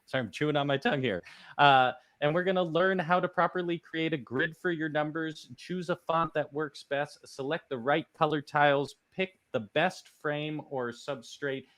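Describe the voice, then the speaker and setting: A man's voice: medium pitch, fairly bright tone, no room sound. Upbeat man hosting a live webinar. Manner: upbeat, chatty, reads comments aloud. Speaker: event host.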